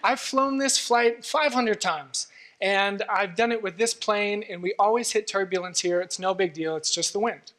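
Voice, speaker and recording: A man playing a calm, experienced airline pilot reassuring passengers, in a sermon illustration. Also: high-pitched, moderate pace.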